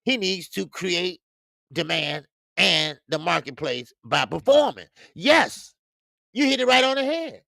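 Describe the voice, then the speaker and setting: A man's voice: sits high, expressive, a little slow, gravelly, pushed and bright, dry recording, studio quality. A man hosting a casual boxing talk livestream, slangy and rambling, greeting chat viewers by name and stumbling into stammered restarts. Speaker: boxing show host. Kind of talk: casual live-stream talk.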